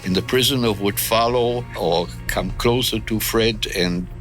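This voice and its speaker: A man in his nineties from Germany, recounting wartime memories in an interview, unhurried and reflective with frequent hesitations. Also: lowish voice, fairly bright tone, soft background music. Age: 90s. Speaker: interviewee, war veteran.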